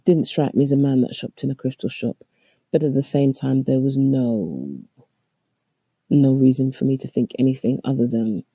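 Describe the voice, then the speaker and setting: Man, storytelling, husky, dry close mic, reflective, halting. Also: medium pitch, warm tone, no echo, highs cut off. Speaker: podcast host. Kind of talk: storytelling monologue.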